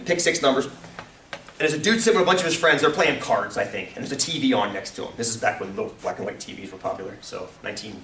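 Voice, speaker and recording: A man teaching statistics in a classroom, telling stories in an animated way and often laughing. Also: lowish voice, fast, slight background noise. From Delaware. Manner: animated storytelling, acts out voices, laughs often. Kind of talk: classroom lecture. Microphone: far room mic. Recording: echoey room from far off.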